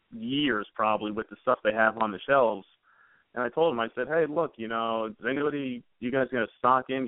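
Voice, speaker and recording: Male guest, hesitant casual talker, phone-line sound, no room echo. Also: medium pitch. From New Jersey. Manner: halting, many fillers and restarts. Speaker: podcast guest. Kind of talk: casual chat. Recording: tinny phone-like sound, dry.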